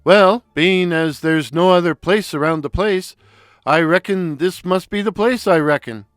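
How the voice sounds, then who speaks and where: A man voicing a loud, goofy, stocky Brooklyn comic figure, childlike and bewildered, who bursts into squeaky falsetto and stammers. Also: a little slow, no room sound, clean studio sound, soft background music. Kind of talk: audio story reading.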